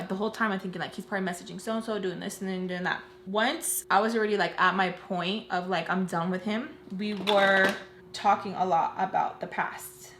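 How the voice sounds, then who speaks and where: Woman vlogger spinning a dramatic storytime, casual and lively, in a roomy space. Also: mid-range voice. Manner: animated, slangy storytelling that acts out quoted dialogue; talks while doing her makeup. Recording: roomy room with faint hum.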